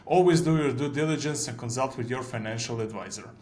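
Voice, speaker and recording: A man's voice: mid-range voice, fast, darkish tone. A man with an Eastern European accent hosting an investment interview, opening formally and turning friendly with his guest. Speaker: interview host.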